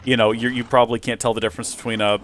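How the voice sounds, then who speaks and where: An American man hosting his own channel talks in a relaxed, meandering way, correcting himself and throwing in emphatic asides. His voice sits at an ordinary middle pitch. There is a faint hiss of noise behind him. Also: racing. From United States. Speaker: channel host. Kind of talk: casual vlog chat.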